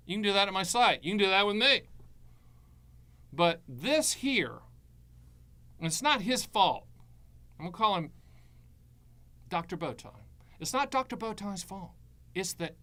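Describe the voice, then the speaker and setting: A man with a high-sitting voice hosts a live stream about annuities. His advice is blunt, sarcastic and animated, and he packs it with jokes.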